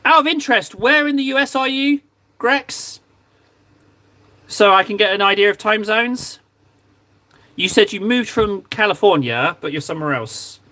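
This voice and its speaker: High-voiced, chatty English man. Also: expressive, moderate pace, pauses often, pushed and bright, no echo. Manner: chatty, self-deprecating. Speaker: streamer chatting with viewers while painting miniatures. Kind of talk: casual chat.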